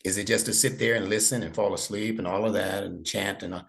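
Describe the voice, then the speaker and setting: A man's voice: lowish voice, fairly even intonation, quick pace, creaky, fairly bright tone. A middle-aged man giving a one-on-one online lesson to a child, patient and coaxing with playful teasing. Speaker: instructor.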